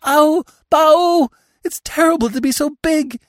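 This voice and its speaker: A man voicing a nervous young female deer who panics easily, crying out in a high, bleating falsetto. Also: measured pace, no room sound, studio quality. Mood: hysterical.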